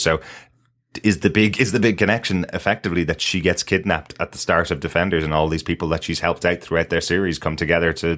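Very deep-voiced man chatting on a podcast. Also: a bit bright. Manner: speculative, thinks aloud with frequent affirmations. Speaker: podcast co-host. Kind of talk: casual chat.

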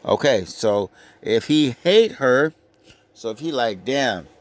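A man giving a brash, crude, lecturing scripture rant, reading verses slowly and emphatically. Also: medium pitch, expressive. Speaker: street preacher.

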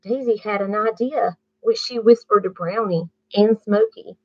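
A woman reading a bedtime story aloud to children, pausing to ask the listener questions. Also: mid-range voice, breathy edge, no room sound. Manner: slow, asks the listener questions. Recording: muffled dry recording.

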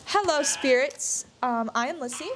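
Ghost-hunting vlogger, woman, high bright voice, asks spirits questions slowly, faint hiss behind. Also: animated. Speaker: paranormal investigator. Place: in a tower at night.

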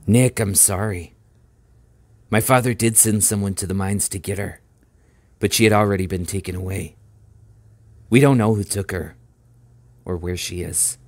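A calm, loyal young man in a storybook reading, as a male reader voices him. He sounds earnest and reassuring, deep in pitch, with a close, dry sound. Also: moderate pace, pauses often, no echo. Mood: apologetic. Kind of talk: audiobook character voice.

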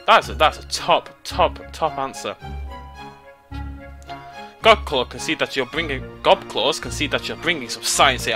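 A young British man hosting a game let's play, reading the game's text aloud in a playful, jokey way with sudden leaps in pitch. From Britain.

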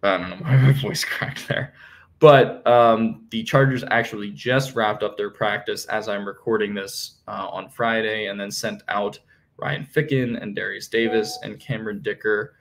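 Young male podcast host, low-pitched, casual solo analysis with lots of fillers. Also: steady tone, moderate pace. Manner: conversational, many fillers and self-corrections.

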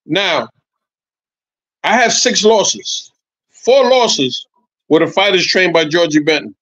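A man in his sixties, a former boxer, telling animated, profane stories as a podcast guest, repeating his points. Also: high voice, slow, no room sound, lo-fi sound. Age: 60s. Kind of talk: casual podcast chat.

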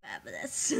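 A woman's voice: lowish voice, vocal fry, slightly rough. A woman in playful reaction banter, teasing, giggling and swearing. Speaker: fan video maker.

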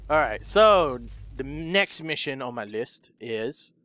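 A man commentating a let's play in a loud, excitable way, shouting and swearing at the game. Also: a little high, takes it slowly. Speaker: gamer. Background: game music.

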